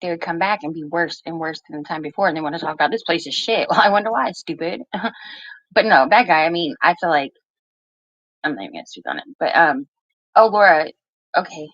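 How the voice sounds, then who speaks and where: A woman with a fairly low voice chats on a livestream as a guest, laid-back and gossipy, swearing freely. Her sound is dry and dull, with lo-fi call audio. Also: lively intonation, fairly quick, a bit bright, no room sound. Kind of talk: casual livestream chat.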